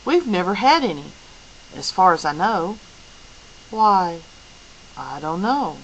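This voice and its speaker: Woman reading as an honest teen boy, kinda halting, slow and lowish. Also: very animated, gravelly, a bit bright, muffled recording, a little hiss or hum, exaggerated voice. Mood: earnest. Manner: earnest and slightly halting. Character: earnest, honest teenage boy.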